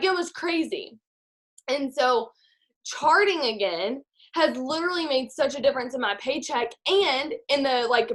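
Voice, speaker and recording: Young woman, team leader on a video call; chatty, filler-heavy, slightly high pitch. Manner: chatty, fast, lots of "like", animated retelling. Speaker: team leader in direct sales. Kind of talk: motivational talk on a video call.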